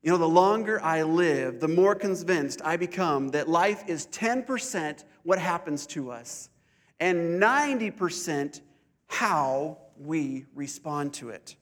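A male pastor preaching a sermon at a church service, deliberate and slowing down to stress key points. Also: fairly high pitch, lively intonation. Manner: deliberate, slows down for emphasis.

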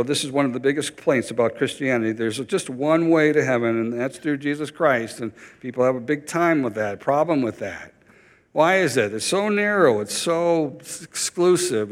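A man's voice: mid-range voice, long reverb tail. A man preaching a sermon as pastor, urgent and emphatic, repeating key phrases for weight.

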